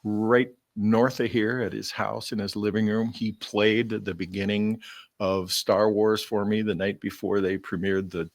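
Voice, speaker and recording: An older man with a low, gravelly voice tells rambling stories, pausing often on fillers and breaking into laughs. The sound is close and dry, with no room around it. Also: flat delivery, no room sound. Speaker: guest bugler. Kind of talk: casual storytelling.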